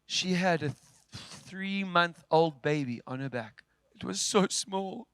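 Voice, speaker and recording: A man preaching a sermon, telling a story with big swings from loud, forceful lines to hushed ones. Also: high voice, slow pace, smooth, no echo. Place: church.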